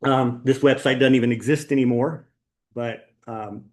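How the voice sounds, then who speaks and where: A man's voice: mid-range voice, fairly even intonation, moderate pace, a little mellow. A man teaching a Bible class at church, talking casually with ums and rhetorical questions as he walks through slides.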